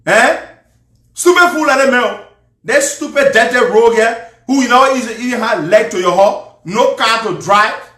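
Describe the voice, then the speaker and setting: Angry Liberian man, high bright voice. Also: a little slow, reverberant. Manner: angry, insulting, mocking. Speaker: political commentator. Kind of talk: ranting live commentary.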